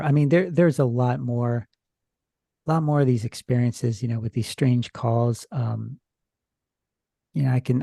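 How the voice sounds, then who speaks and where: Male podcast guest, dry close sound, mellow low timbre, hesitant storyteller. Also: creaky, no echo. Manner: rambling, hesitant retelling from notes. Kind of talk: casual storytelling chat.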